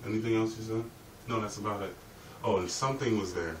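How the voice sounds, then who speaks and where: A man's voice: lowish voice, fairly even intonation, quick pace. A man delivering a rambling, profane vlog monologue in a streetwise way. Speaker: vlogger. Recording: roomy echo, distant mic, faint ambient noise.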